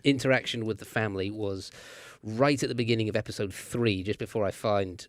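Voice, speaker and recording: An English actor chatting as a guest, telling animated anecdotes about his work. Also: fairly low pitch, fairly quick, dry recording, studio quality. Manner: storytelling, animated anecdotes with laughs. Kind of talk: casual chat.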